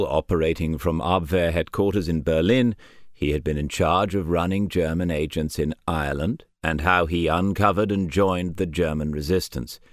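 A man reading an audiobook chapter in measured, even scripted narration. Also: a bass voice, no room sound, studio quality.

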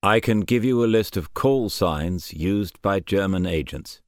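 A man's voice: low-pitched, measured pace, a little mellow, dry recording, clean studio sound. A man voicing an earnest male German officer who has defected, answering guardedly in an audiobook.

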